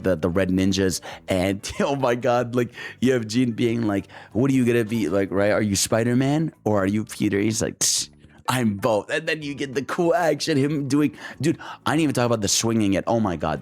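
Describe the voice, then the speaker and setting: A young man with a very low voice talks through a movie in a loose, excited ramble, full of slang and filler words. Faint music plays underneath him. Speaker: movie reviewer. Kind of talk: casual enthusiastic movie review.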